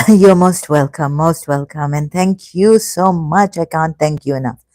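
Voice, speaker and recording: Slow, low-voiced woman in her fifties. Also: darkish tone, no echo. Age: 50s. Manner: hesitant, halting, many fillers and restarts; emotional, effusively grateful. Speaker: livestream host. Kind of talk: casual livestream chat reading comments.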